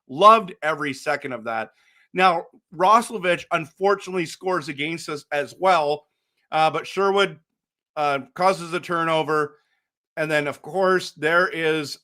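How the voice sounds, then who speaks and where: A man with a high, forceful voice hosts a hockey post-game show and talks casually over game replays. He rambles and gets excited, often restarting his sentences.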